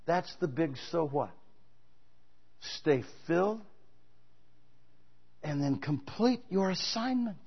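A male pastor preaches with emphatic, exhorting energy and weaves stories into his sermon. His voice is husky and fairly high for a man. The recording sounds dull and lo-fi. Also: animated, takes it slowly, long pauses.

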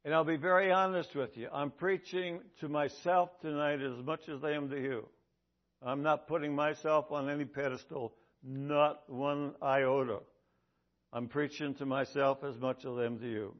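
A man's voice: a little high, fairly even intonation, normal speed. A man preaching a sermon with emphasis, often repeating his key lines for weight. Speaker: pastor. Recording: dull lo-fi recording.

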